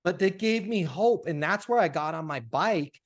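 A man, a sales coach being interviewed, telling stories in a casual, animated way and acting out the dialogue. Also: high voice, moderate pace. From Colorado, USA.

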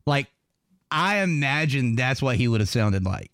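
A Southern man hosts a loose podcast chat, rambling through his thoughts with frequent fillers and quick laughs. His voice sits at a middle pitch. The recording is dry and close, with no room sound. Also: very animated, fairly bright tone, clean tone, no room sound. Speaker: podcast host.

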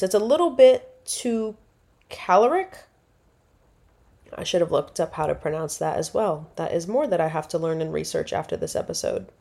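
Chatty woman with a mellow voice. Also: fairly low pitch. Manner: rambling, chatty, self-correcting. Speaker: podcast host. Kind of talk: casual solo podcast talk.

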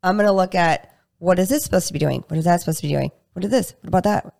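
Gravelly woman explaining her practice. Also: very fast. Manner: animated, acts out patient dialogue in higher voices. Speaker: guest practitioner. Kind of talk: casual interview chat.

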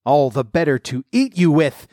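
A man voicing a sly, wicked male wolf who talks in a smooth, coaxing way. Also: on the high side, very animated, moderate pace, darkish tone, no room sound, clean studio sound. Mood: menacing.

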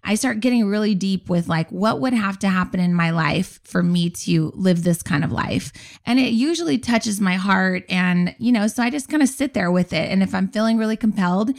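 Woman co-host, mid-pitched, lively storyteller, chatty and dramatic. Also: normal speed, vocal fry. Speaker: podcast co-host. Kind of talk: casual storytelling chat.

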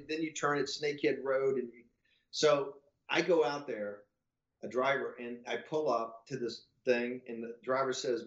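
A man's voice: medium pitch, moderate pace, roomy sound, highs cut off. A man telling a long, rambling, profane story as a podcast guest, acting out the voices of the people in it. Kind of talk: casual anecdotal storytelling.

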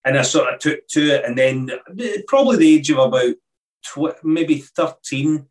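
A middle-aged Scottish man, a podcast guest, recalling his past in a relaxed, halting way with many restarts. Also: fairly high pitch, recorded from a distance. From Scotland. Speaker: guest, former snooker player. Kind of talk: casual interview chat.

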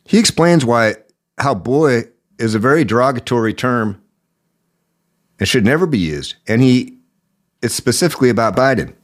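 A man's voice: medium pitch, lively intonation, normal speed, long pauses. A man hosting a political podcast, giving indignant commentary with a sore throat. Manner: indignant, rising emphasis. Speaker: podcast host.

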